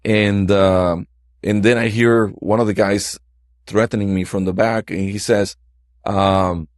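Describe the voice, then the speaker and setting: A middle-aged man, a news reporter, telling stories in an interview in a halting way, with many restarts and fillers. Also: fairly low pitch, little pitch movement, no echo. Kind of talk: interview storytelling.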